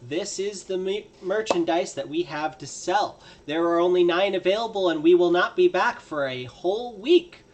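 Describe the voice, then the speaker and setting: A man taking part in a tabletop game who slips into a salesman's pitch when he speaks in character. His voice sits a touch high, with faint noise behind it. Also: normal speed, hardly any pauses. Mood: persuasive. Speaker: player.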